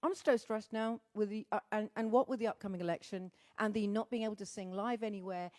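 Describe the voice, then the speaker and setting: A woman's voice: medium pitch, brisk, a little mellow, no echo, studio quality. A woman, a singer-songwriter, hosting a livestream, chatting theatrically with viewers, greeting them by name and swearing freely. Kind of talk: casual chat greeting viewers. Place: very hot room at home.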